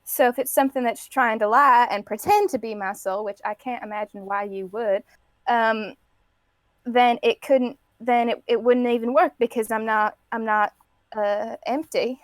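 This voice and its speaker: A woman's voice: on the high side, steady tone, normal speed, no echo. A woman playing a tabletop role-playing game, thinking aloud in character with hesitant restarts. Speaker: player.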